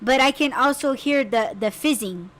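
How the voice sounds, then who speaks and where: High-voiced female podcast host; lively, laughing storyteller who acts out her own yelling. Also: moderate pace. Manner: animated, laughing, acts out screaming quotes. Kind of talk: casual storytelling chat.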